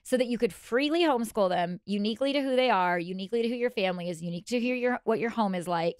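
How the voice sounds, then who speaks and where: A woman's voice: a little high, smooth, dry recording, clean studio sound. Earnest, encouraging woman guest. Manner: earnest, encouraging, affirming with quick interjections. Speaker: podcast guest. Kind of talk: casual podcast conversation.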